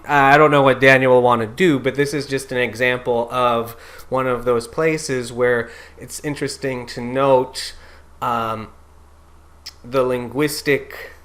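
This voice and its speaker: A man teaching German-style Latin pronunciation, talking haltingly with many fillers and slowly singing out example words. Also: medium pitch, a bit bright. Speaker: diction coach.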